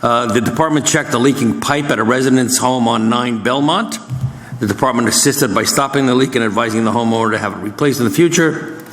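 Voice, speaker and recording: A man's voice: mid-range voice, fairly quick, a bit bright. Man council member, plain report reading, roomy echoey chamber. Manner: matter-of-fact, listing items.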